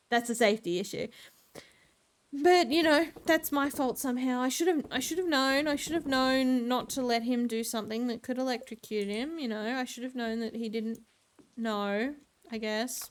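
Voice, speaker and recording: Woman streamer, slightly high-pitched, casual exasperated storyteller, heavy on the ums. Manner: chatty, exasperated, lots of filler ums. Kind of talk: casual storytelling while gaming.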